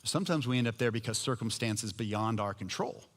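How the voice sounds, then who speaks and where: Pastor preaching in a reverberant hall. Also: male voice, lowish voice, expressive, brisk. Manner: storytelling, conversational with humor. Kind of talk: sermon. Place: church sanctuary.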